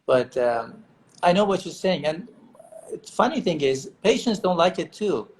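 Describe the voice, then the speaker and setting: A man with a slightly raised pitch speaks over a video call. He is earnest and restarts his phrases, the way a doctor thinks aloud in a casual chat. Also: sing-song, moderate pace, slight background noise, poor audio. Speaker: hair transplant surgeon, guest. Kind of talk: casual live-stream chat.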